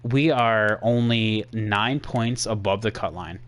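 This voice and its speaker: A man's voice: on the low side, slow, a bit bright. A young man casually commentating his racing game stream for his chat, sarcastic and easily exasperated, rambling with fillers.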